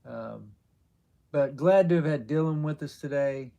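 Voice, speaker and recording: Rambling, halting male live-stream host. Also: fairly high pitch, gravelly, dark tone, highs cut off. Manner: rambling, halting, answers viewer chat. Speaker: livestream host. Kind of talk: casual live-stream chat.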